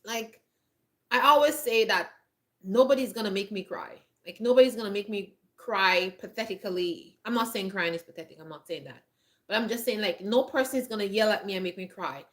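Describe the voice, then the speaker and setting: A woman's voice: mid-range voice, fairly quick, fairly bright tone. A woman giving blunt, emphatic advice straight to camera on a countryside homestead, laughing often, with a frog in her throat. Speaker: homestead vlogger. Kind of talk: direct-to-camera advice talk.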